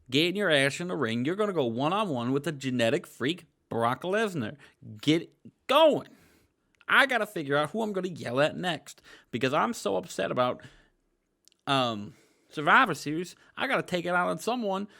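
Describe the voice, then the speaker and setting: A furious older wrestling manager rants at his roster in a profane, blustering tirade, as a man puts him on. The voice shoots up high and swings wildly in pitch, with a gravelly rasp at the edges. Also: sing-song, normal speed, bright, forceful tone, heavily acted. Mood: furious ranting.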